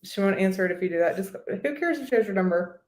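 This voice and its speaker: A woman's voice: medium pitch, expressive, fast, darkish tone, reverberant. Woman streamer chatting casual, blunt and gossipy, swears a lot, mid voice. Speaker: live-stream host. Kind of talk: casual live-stream chat.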